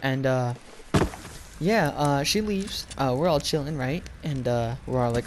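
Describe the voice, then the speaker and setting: A man's voice: medium pitch, measured pace. Young man, casual gaming rant, profane, rambling, faint background hiss. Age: young adult. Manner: profane, rambling, lots of filler. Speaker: gaming storyteller.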